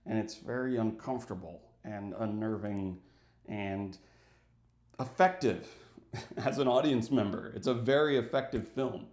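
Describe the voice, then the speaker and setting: A man giving a casual film review for his channel, animated and acting out little scenes as he talks. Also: fairly low pitch, measured pace. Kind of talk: casual movie review vlog. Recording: echoey room.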